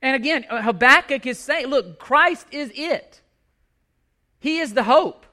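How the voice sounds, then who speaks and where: A man's voice: very high voice, lively intonation, slow pace, bright, forceful tone. A male pastor preaching a sermon, impassioned and emphatic, repeating his key points.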